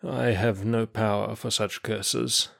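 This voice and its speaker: Brief: male narrator doing a frail prophet, slow and laboured, in an audiobook. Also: medium pitch, lively intonation, creaky, full character voice. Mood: weary. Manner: slow, strained, faint. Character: weak, ailing older male prophet in prison.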